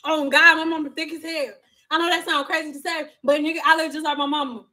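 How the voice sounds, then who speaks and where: A woman in her thirties talks straight to her viewers in a high, bright-pitched voice. Her chat is loose, frank and full of jokes and profanity. She acts out the people in her stories with lively quoted voices. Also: fast talker. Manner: animated storytelling with acted quotes. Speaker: vlogger. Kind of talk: casual chat.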